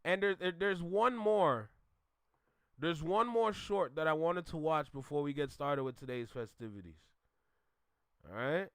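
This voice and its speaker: Reaction host, male, high bright tone, slangy repetitive rant. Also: animated, unhurried, long pauses, clean tone, no room sound, studio quality. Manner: emphatic, slangy, repeats himself.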